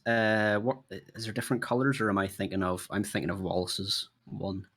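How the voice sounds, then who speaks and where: A man narrating as game master, halting and searching for words as he describes scenes. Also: lowish voice, flat delivery, fairly bright tone, husky.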